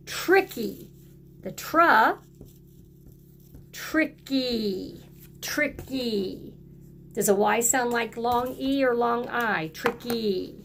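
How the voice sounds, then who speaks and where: A woman teacher leading a phonics lesson for young children, speaking slowly and encouragingly and stretching out letter sounds. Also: on the high side, creaky, a little hiss or hum.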